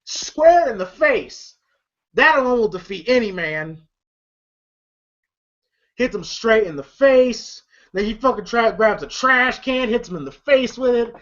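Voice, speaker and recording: A man's voice: very high voice, lively intonation, measured pace, pauses often, a bit bright. A man casually recapping a movie scene, rambling with lots of fillers, swearing freely and laughing often. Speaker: movie reviewer. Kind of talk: casual commentary. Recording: lo-fi dull audio.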